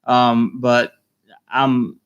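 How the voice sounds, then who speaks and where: A man hosting a live stream, reading viewer comments aloud, emotional and halting, repeating himself and choked up. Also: medium pitch, fairly even intonation, clean tone, dull audio.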